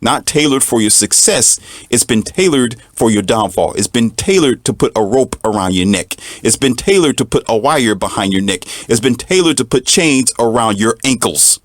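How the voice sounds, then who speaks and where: A man delivering an emphatic, preachy monologue, repeating lines for effect and mocking others in a high put-on voice. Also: animated, normal speed, dry recording, clean studio sound. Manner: mocks others in a high mincing voice. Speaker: commentator. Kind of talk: monologue to the camera.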